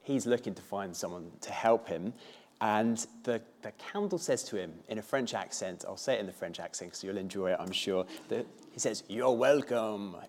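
A man's voice: fairly low pitch, normal speed. A man preaching to a church congregation, conversational in manner, with filler words. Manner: conversational, with filler words and a few playful put-on voices. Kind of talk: sermon.

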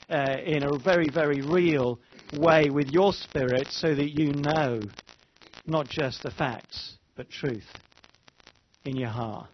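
A man preaching a sermon, rising to fervent pleas and dropping to hushed tones. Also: a little high, highs cut off, slight background noise. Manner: impassioned, rises to fervent pleas then drops to hushed tones.

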